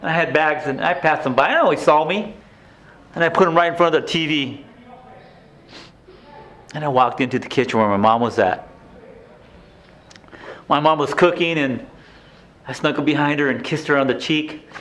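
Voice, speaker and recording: An actor playing a haunted male inmate reliving his painful youth, telling it in a halting, emotional theatrical monologue with stammered restarts. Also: on the high side, a bit bright, a little hiss or hum, lightly acted. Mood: tender.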